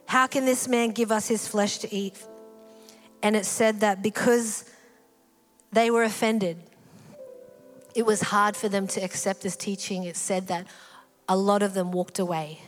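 A woman preaching a sermon in a church hall, animated and acting out the voices in the story. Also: mid-range voice, unhurried, long pauses. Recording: hall reverb with faint music.

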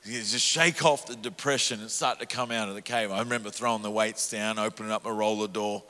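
A middle-aged man preaching a storytelling sermon, animated and self-mocking, laughing often. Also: fairly low pitch, brisk. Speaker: evangelist preacher. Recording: echoey hall.

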